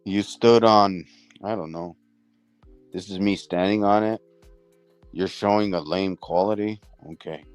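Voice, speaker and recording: A man's voice: deep voice, fairly even intonation, a little slow, long pauses, clear, resonant tone, dry recording, faint music behind. A man hosting a casual livestream, talking bluntly and profanely as he scolds a rival. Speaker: livestream host.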